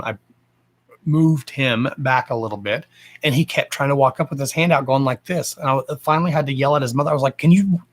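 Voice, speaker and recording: A man's voice: medium pitch, fairly bright tone. Blunt, profane man ranting. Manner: blunt and profane, swears freely; fired-up, emphatic. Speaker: livestream host. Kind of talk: casual livestream rant.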